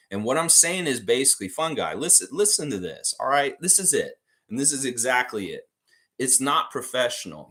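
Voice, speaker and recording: A man's voice: mid-range voice, pushed and bright. A man hosting a live sports fan stream, ranting heatedly about coaches, swearing and laughing as he talks.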